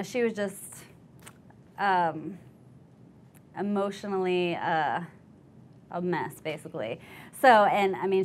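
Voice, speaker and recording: Young woman, low-pitched storyteller. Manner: candid storytelling, acts out quoted voices, laughs easily. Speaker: veteran interviewee. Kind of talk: oral history interview.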